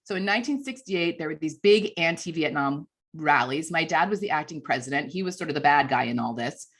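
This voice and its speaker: A woman in her fifties, a communications coach giving a lively, chatty storytelling speech at a conference. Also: deep voice, a little fast. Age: 50s. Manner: lively, chatty, self-deprecating.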